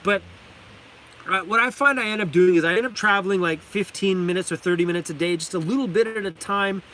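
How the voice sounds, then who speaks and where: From a parked van, an enthusiastic Canadian vlogger chats casually on his live stream, laughing often and calling out chat names. He speaks briskly in a high, slightly bright voice, with a little hiss or hum in the audio.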